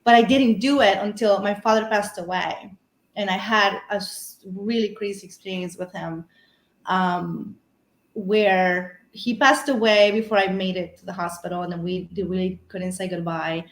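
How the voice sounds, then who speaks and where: A woman's voice: medium pitch, steady tone, normal speed, reverberant. A woman guest on a paranormal podcast, telling a personal story in a rambling, casual way full of fillers and restarts.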